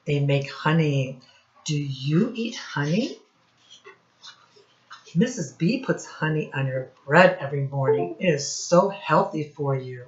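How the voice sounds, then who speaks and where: A woman's voice: deep voice, lively intonation, unhurried, echoey room, highs cut off. A woman reading a picture book aloud to young children, acting out the sound words in a sing-song teacherly way, asking questions and praising them. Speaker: storybook reader for children. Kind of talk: read-aloud storytime for young kids.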